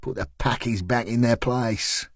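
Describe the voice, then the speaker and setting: A man voicing a brash, heavy-set male recruiter in his thirties with a South London accent, needling and loud. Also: medium pitch, fairly even intonation, measured pace, no room sound, clean studio sound, close to an everyday voice. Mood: cocky.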